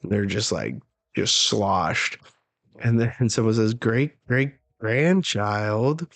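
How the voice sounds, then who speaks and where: A man hosting a live manga chapter reaction, who talks in an unhurried, hesitant way with many filler words. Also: fairly low pitch, gravelly, fairly bright tone, no room sound.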